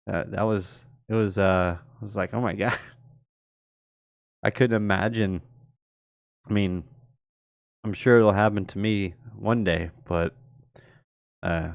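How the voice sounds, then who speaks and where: A man's voice: lowish voice, no room sound, clean studio sound. A young man hosting a live stream, chatting casually and rambling, laughing often as he talks. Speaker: host.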